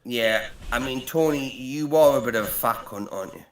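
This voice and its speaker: Speaking at medium pitch and normal speed, a middle-aged Newcastle man with a Geordie accent trades jokes on a call, rambling and ending each phrase with "right, okay?" and "mate." He's from Britain, and the echoey room carries faint ambient noise.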